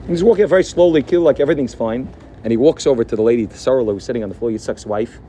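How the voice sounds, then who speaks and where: A man giving a sermon as a rabbi, telling a story in an animated way and sprinkling his speech with Yiddish and Hebrew words. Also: medium pitch, rapid-fire, slight background noise.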